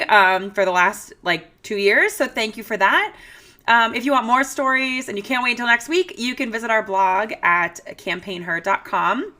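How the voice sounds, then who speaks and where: A woman in her thirties hosting a comedic solo podcast, ranting in a sassy, exaggerated way with sudden hushed asides. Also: mid-range voice. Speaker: podcast host.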